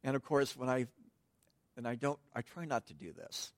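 A man's voice: medium pitch, animated, moderate pace, no echo. A man preaching a sermon in a conversational way, with frequent restarts and asides to the congregation. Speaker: pastor.

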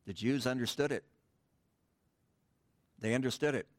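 A man's voice: mid-range voice, normal speed, no room sound. A middle-aged man preaching a sermon in church, teaching a Greek grammar point with casual, joking asides to the congregation. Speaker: pastor. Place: church sanctuary.

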